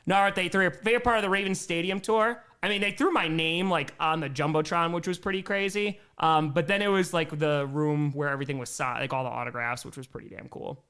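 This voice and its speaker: A man's voice: on the high side, fairly quick, hardly any pauses, smooth. A young American man hosting a livestream, calling plays and chatting with viewers. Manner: switches between excited play calls and chatty replies to viewers. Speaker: livestream host doing play-by-play. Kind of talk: casual livestream play-by-play and chat.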